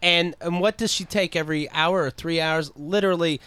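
A man in casual chat, dropping low and quiet to tell his stories. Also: a little fast, clear, resonant tone, dry recording.

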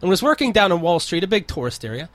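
A man's voice: high-pitched, big pitch swings, quick pace, a bit bright, dry recording. A man from New York hosting a casual podcast, reading listener mail aloud with wry, profane remarks. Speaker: podcast host.

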